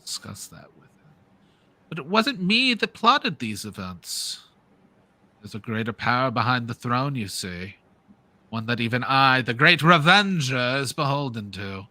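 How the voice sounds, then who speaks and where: Brief: man as grandiose villain, pompous, bright edge, dry mic. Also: medium pitch, big pitch swings, unhurried, no echo, heavily acted. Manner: theatrical, pompous villain speech. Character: scheming male villain Revenger, grandiose.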